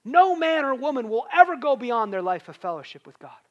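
A man's voice: very high-pitched, sing-song, a little fast, highs cut off. A man preaching a sermon in a conversational way, rising to emphatic peaks.

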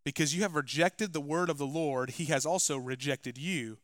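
A man preaching a sermon, moving between quiet, conversational asides and loud, emphatic scripture reading. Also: on the high side, normal speed, no room sound, studio quality. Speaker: pastor. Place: church.

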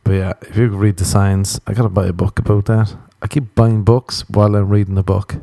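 A man's voice: lowish voice, little pitch movement, a little fast, vocal fry, mellow, no echo. A man talking in a casual comedic monologue, rambling and self-mocking, swearing constantly as he drifts between asides.

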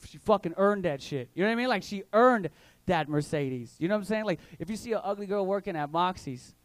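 Young guy doing standup, high voice, crude slangy storytelling, dry close mic. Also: lively intonation, a little fast, no echo. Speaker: stand-up comedian. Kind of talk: stand-up comedy. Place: comedy club stage.

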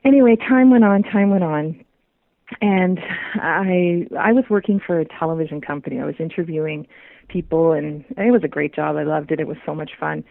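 Woman guest on a phone line, animated storyteller. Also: deep voice, moderate pace, creaky, no echo. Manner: animated, laughs often, repeats words. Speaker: guest telling a personal story. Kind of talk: casual storytelling. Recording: tinny dry phone line.

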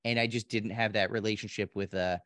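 A man's voice: on the low side, steady tone, a little fast, a bit bright, no room sound, studio quality. A man from Pennsylvania co-hosting a podcast, easygoing and agreeable, often restarting his sentences. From Pennsylvania, USA. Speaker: podcast co-host, comedian. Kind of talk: casual chat.

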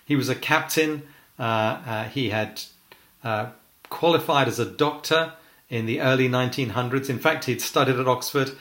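A man's voice: mid-range voice, a bit bright. Earnest middle-aged man preaching, echoey room. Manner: earnest, measured, with slow emphatic phrases. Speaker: church leader. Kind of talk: testimony sermon. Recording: roomy echo.

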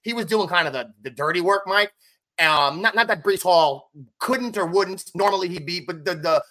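A man co-hosting a casual sports podcast, talking fast and emphatic as he runs through game stats. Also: fairly high pitch, sharp tone. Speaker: podcast co-host.

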